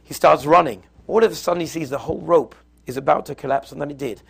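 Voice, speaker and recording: A man's voice: on the high side, quick pace, gravelly, breathy edge. A man giving a Torah lesson, explaining texts step by step in a conversational, storytelling way. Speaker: Torah teacher.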